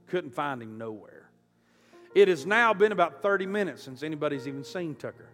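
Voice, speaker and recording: A man preaching a storytelling sermon, impassioned and surging from quiet to loud. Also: on the high side, lively intonation, brisk. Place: church auditorium. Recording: reverberant hall with soft music.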